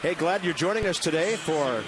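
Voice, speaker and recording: Play-by-play announcer, male, upper-mid voice, conversational with wry asides, booth audio with steady noise. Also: on the high side, normal speed, crowd noise. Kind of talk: baseball play-by-play commentary. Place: broadcast booth at a ballpark. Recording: noisy broadcast audio.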